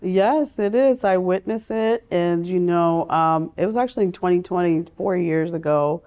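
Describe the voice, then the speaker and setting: A woman in her forties telling her personal story in an interview, speaking earnestly and from the heart, with pauses and restarts. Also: lowish voice, dark tone, smooth. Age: 40s. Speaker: guest sharing her life story.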